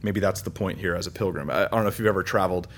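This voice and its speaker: A male pastor from California preaching a sermon, emphatic, swinging between loud, high stresses and quiet low lines, with light self-mocking humor. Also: racing, a little hiss or hum.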